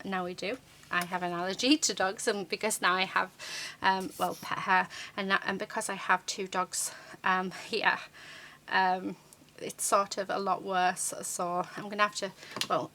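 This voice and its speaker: A woman's voice: mid-range voice, pushed and bright. A woman hosting a crafting tutorial, chatting casually and rambling with many fillers as she works. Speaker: crafting channel host. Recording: noisy with crafting clicks.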